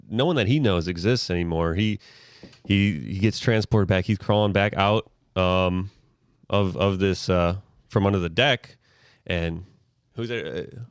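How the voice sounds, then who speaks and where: A man co-hosting a podcast, telling a comic story in an animated way, jumping into falsetto for characters and laughing often. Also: clear, resonant tone, dry recording, studio quality. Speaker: podcast co-host. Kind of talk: casual comedic storytelling.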